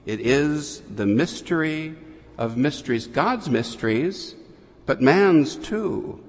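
Slow-preaching priest in a reverberant church. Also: male voice, fairly high pitch, lively intonation, a little mellow. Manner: slow, deliberate preaching with long pauses. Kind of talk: sermon to children.

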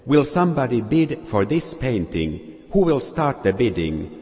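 A man's voice: mid-range voice, big pitch swings, moderate pace, darkish tone, pitched above the performer's own voice, lightly acted. A man voicing a pushy male auctioneer who keeps calling out for bids, heard with long church reverb. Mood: urgent.

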